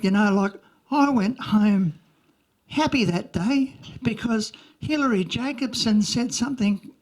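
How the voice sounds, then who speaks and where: A woman playing a rambling schoolkid. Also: a little high. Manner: rambling, childlike, full of "like" and slips. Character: earnest rambling young schoolchild telling a story. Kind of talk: comic character monologue.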